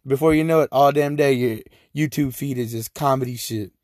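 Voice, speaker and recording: A man's voice: medium pitch, fairly quick, no room sound, clean studio sound. A man with a Texan accent hosting a casual solo podcast, talking loosely and profanely with lots of laughing asides. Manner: loose, profane, animated storytelling with frequent laughs. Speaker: podcast host.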